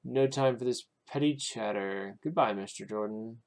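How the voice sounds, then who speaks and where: A man reads game dialogue aloud, voicing a scheming male villain who smugly gloats over and taunts his trapped victim, with small hesitations. He speaks at normal speed in a mid-range, slightly mellow voice close to an everyday one.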